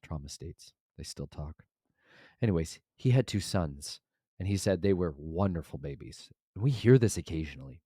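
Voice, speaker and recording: A man in his thirties, a sleep-deprived father of twins, rambling through a casual vlog monologue with sudden loud bursts. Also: sits low, lively intonation, normal speed, slightly rough, no room sound, clean studio sound.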